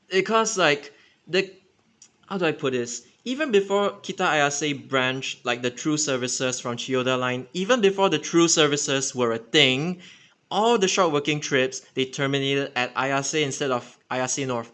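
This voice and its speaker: A man's voice: medium pitch, a little slow, a bit bright. A man with a Singaporean English accent giving an unscripted, casual explainer, rambling with many fillers and self-corrections. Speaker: transit enthusiast channel host.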